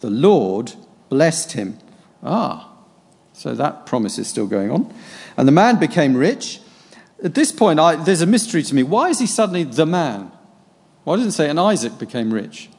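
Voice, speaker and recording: A man's voice: fairly high pitch, very animated, gravelly, darkish tone, breathy edge. A man reading a Bible passage aloud and musing on it as he prepares a sermon, stopping to think between verses with hesitant fillers. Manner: reads scripture aloud, then muses on it with pauses and fillers. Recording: long hall reverb.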